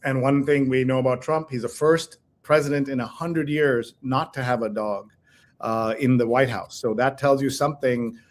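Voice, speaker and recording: A man in the middle of his range co-hosts a casual chat with blunt, opinionated commentary. He reads headlines aloud to his partner and reacts to them with quick asides. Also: medium pitch, steady tone. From India. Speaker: co-host.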